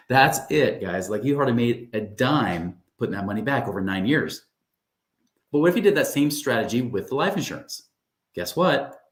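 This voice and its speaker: A man with a voice of middle pitch gives a webinar presentation. He speaks in an upbeat, conversational way and keeps turning to his listeners. The room sounds echoey. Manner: upbeat, conversational, often asks "right?" and says "guys". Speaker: financial coach.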